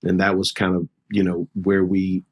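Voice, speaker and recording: A man's voice: low voice, completely flat delivery, moderate pace, a little mellow, breathy edge. A middle-aged man, a pastor, telling a personal story in an earnest, conversational way during a podcast interview.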